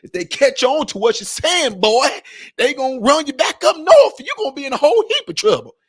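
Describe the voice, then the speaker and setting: A man voicing an old man who scolds and hushes a younger man, in a drawling voice. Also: very high-pitched, big pitch swings, brisk, voice pushed up. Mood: scolding.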